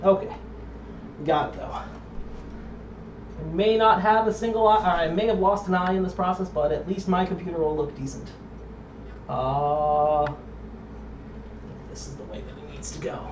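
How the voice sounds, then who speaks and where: Over dull, slightly noisy lo-fi stream audio, a young man with a high-pitched, steady voice talks at normal speed with long pauses. He's building a computer at home on stream, rambling casually, saying um often, and wandering away from the mic.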